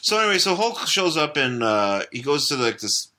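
A man retells a comic's plot in loose, rambling fashion, restarting sentences as he jokes. His voice is bright and swings lively up and down. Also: fairly high pitch, normal speed. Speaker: podcast co-host. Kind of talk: casual comic-book chat.

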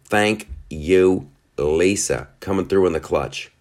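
Low gravelly animated male podcast host. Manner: rambling, laughs at his own jokes; quick asides and restarts, animated. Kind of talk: casual solo commentary.

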